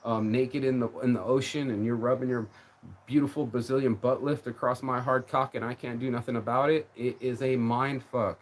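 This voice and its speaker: Speaking at a normal speed in a level, medium-pitched voice, a man rants on his live stream. The talk is loose and emotional, full of profanity and repeated words.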